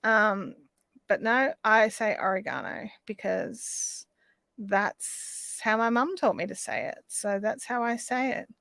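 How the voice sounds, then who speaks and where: A woman's voice: medium pitch, slow pace, vocal fry, fairly bright tone, dry recording. An Australian woman hosting a live craft stream, chatting casually and rambling as she reads out viewer comments.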